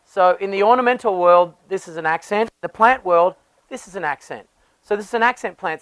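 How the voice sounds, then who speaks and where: A man's voice: high voice, fairly bright tone, smooth, dry recording, rough recording. A man, a landscape designer, explaining garden design with enthusiasm and often restarting his phrases.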